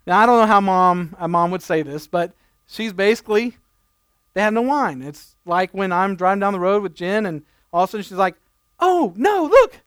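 Guy preaching, pretty high voice, smooth and clear, chatty asides, dry close sound. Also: a little fast, fairly bright tone, no room sound. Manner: conversational preaching with playful asides. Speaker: pastor. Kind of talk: sermon.

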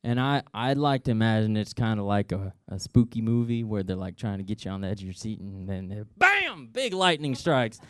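A man's voice: on the low side, a little fast, few pauses, a little mellow, clean tone, no echo. A man telling a Bible story to kids in a playful, joking way, adding sound effects and asides.

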